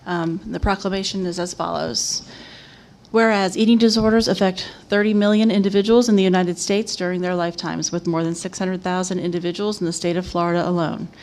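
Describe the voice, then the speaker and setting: A woman chairing a city commission meeting, reading agenda items and a formal proclamation aloud in a steady, even manner. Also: fairly low pitch, fairly quick.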